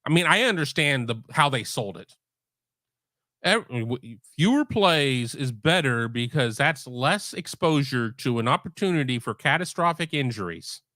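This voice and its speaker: A man's voice: medium pitch, animated, measured pace, sharp tone, no echo. Rambling middle-aged man, dry mic. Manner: rambling, with many restarts. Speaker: sports podcast host. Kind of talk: casual live-stream chat. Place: home room.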